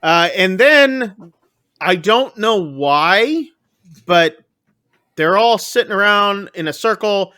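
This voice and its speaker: A man's voice: sits high, expressive, slow, pauses often, sharp tone, no echo, studio quality. A man co-hosting a casual film review podcast, retelling the plot scene by scene and briefly acting out the characters' lines. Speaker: podcast co-host.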